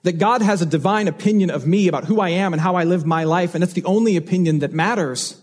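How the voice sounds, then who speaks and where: A man's voice: high-pitched, quick pace. A man preaching a sermon as pastor, earnest and emphatic, repeating key phrases for weight.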